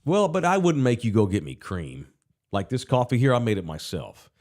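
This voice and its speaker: A middle-aged man hosting a podcast, telling a relaxed, wry anecdote in casual chat. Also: mid-range voice, normal speed. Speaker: podcast host.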